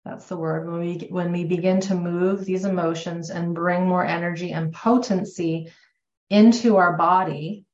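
This somatic therapy teacher has a lowish, darkish voice. She keeps things conversational, corrects herself along the way and acts out quoted remarks, and the recording comes from an echoey room with dull, lo-fi sound.

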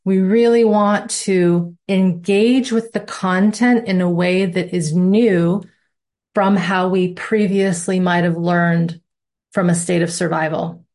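A woman's voice: lowish voice, fairly even intonation, slow pace, darkish tone. A woman instructor talking to her students in a live online class, with a playful, reassuring manner. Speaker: course instructor.

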